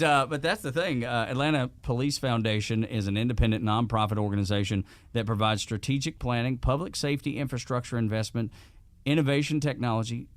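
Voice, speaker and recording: A man's voice: medium pitch, dry recording. A man hosting a casual interview, folksy and joking. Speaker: podcast host.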